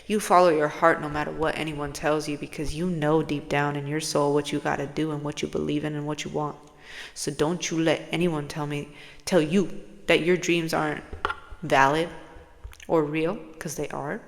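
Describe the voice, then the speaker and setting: A woman's voice: deep voice, flat delivery, moderate pace, vocal fry. A woman talking casually to her viewers as a spiritual channeler, rambling, swearing freely and playful. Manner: rambling, profane, playful, drifts into whispers. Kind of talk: casual personal vlog. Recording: long hall-like reverb.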